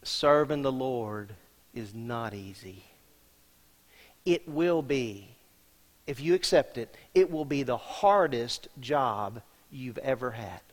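A man preaching a sermon as senior pastor, emphatic and talking straight to the congregation, dropping from loud to hushed. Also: medium pitch, expressive, slow pace. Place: church sanctuary. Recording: long reverb of a large hall.

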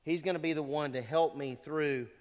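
A man's voice: a little high, steady tone, normal speed. A middle-aged man preaching a sermon to graduating students, earnest and conversational, often asking rhetorical questions. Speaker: pastor. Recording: long reverb of a hall.

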